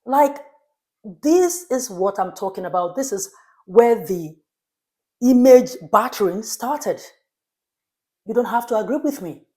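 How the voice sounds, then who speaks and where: A woman's voice: on the high side, expressive, a little slow, pauses often, mellow. A woman hosting a commentary show, speaking candidly and emphatically, with rhetorical questions. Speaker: host. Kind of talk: opinionated commentary.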